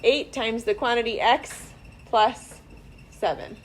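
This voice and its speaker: Higher-voiced woman teaching math slowly. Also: a little hiss or hum. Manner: slow, deliberate step-by-step explaining. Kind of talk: classroom instruction. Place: classroom.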